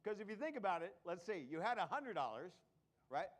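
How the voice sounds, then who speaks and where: A man's voice: sits high, big pitch swings, brisk. A man performing a live comedy magic show, joking with volunteers from the audience between tricks.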